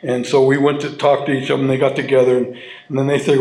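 A man sharing his personal story with an audience at a recovery meeting, halting and heartfelt, restarting and repeating his words as he goes. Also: mid-range voice, little pitch movement, darkish tone. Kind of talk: personal testimony to a live audience. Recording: roomy hall sound.

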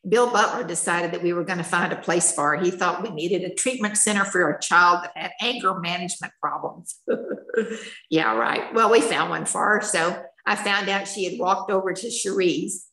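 An older woman tells her own story to a meeting, candid and full of feeling. Her voice sits low with a gravelly edge. The room around her rings with echo. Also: normal speed, bright, forceful tone. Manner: emotional, candid, chatty storytelling. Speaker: speaker sharing her story at a recovery meeting. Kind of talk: personal testimony.

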